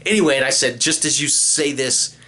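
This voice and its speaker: Bright-voiced male game master recapping. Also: mid-range voice, brisk. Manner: animated retelling, quoting himself and the player. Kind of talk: session recap storytelling.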